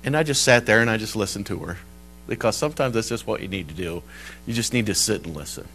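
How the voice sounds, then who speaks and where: Lively preaching man, hushed to emphatic. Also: lowish voice, quick pace, a little hiss or hum, rough recording. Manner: storytelling preacher, moves between hushed and emphatic. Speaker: pastor. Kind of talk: sermon. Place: church service.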